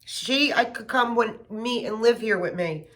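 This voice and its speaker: A middle-aged woman chatting casually and gushing with excitement as she unboxes gifts for her vlog. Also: fairly high pitch, measured pace. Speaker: home fragrance vlogger.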